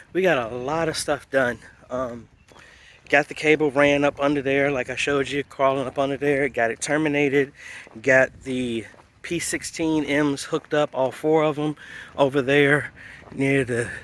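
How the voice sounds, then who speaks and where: A man talking casually to the camera while he works, calling his viewers folks and explaining each step as he goes. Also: mid-range voice. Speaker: AV installer vlogging a church job. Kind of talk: casual on-the-job vlog. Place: church building under renovation, indoors. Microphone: phone camera.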